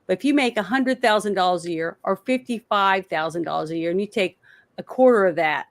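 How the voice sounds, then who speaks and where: A woman's voice: mid-range voice, no echo. A woman co-hosting a political podcast, ranting in heated, swearing bursts. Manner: fired-up, swearing, rapid bursts of anger. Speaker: co-host.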